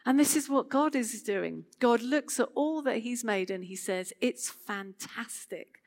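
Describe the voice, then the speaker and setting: A woman giving a sermon to a gathered audience, talking in an expressive, conversational way. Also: on the high side, normal speed. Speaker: speaker.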